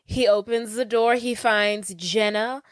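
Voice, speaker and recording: A woman in her thirties co-hosting a podcast, casually retelling a film's plot in an animated way. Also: on the high side, a little slow, no echo. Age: 30s. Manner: animated, acts out characters' lines. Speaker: podcast co-host. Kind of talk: casual chat retelling a film.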